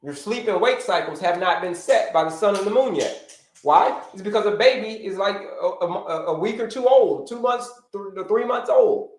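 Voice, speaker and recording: This American health coach hosts a livestream lesson in a high, expressive voice at a moderate pace. Teaching with energy, he repeats key points and says hello to viewers by name. The sound is roomy, with slight background noise from his livestream setup.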